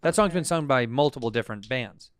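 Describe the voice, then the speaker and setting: A man co-hosting a comedy podcast, teasing with quick deadpan jabs. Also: mid-range voice, no room sound, studio quality. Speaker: podcast co-host. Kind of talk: casual podcast banter.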